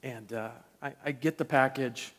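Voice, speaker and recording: A man preaching a storytelling sermon, animated and self-deprecating, acting out the voices in his stories. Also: medium pitch, normal speed. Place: church sanctuary. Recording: long church reverb.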